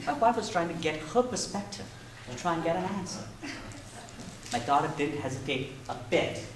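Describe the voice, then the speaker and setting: A man in his thirties tells a story in a prepared speech, his high voice swinging lively up and down. He talks with a playful storyteller's touch. The sound is echoey and distant, with the mic set far back in a big hall. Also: moderate pace, slight background noise. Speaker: contest speaker.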